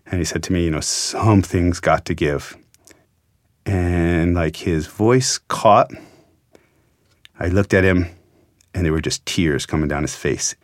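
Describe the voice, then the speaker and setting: A man's voice: low voice, a little slow, pauses often, dry recording, clean studio sound. A man, a journalist, earnestly retelling an emotional story from his own experience, quoting the dialogue. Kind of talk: storytelling interview.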